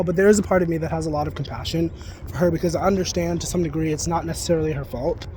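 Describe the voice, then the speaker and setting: A man's voice: a little high, fairly even intonation, racing, a little mellow, slight background noise. A man venting in a casual vlog rant, heated and full of swearing, recorded outdoors. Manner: profane, heated, rambling. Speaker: psychic reader and spiritual content creator. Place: outdoors near geese.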